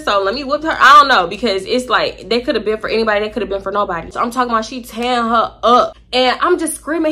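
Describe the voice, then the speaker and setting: A woman tells a story in a casual vlog, animated and full of slang and swearing. Her voice sits a little high, with a bright, forceful edge. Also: fast, few pauses.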